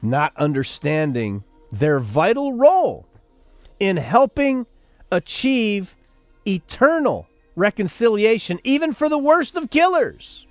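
A man's voice: high voice, very animated, slow pace, no room sound, faint music behind. A man hosting an opinionated news commentary show, sarcastic and preachy, rising to fiery outbursts. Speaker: radio host.

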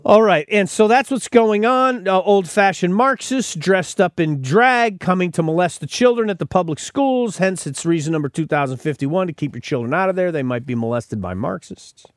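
Male podcast host, lively swooping delivery, emphatic, restarts his sentences. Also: high voice, moderate pace, hardly any pauses, dry recording, clean studio sound. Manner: emphatic, repeats words when starting sentences. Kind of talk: opinionated commentary.

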